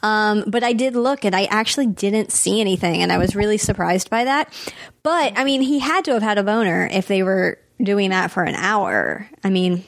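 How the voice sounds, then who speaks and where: A woman's voice: mid-range voice, expressive, normal speed, creaky, no echo. A woman contributing to a comedy podcast, talking candidly and hesitantly. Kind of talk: casual chat.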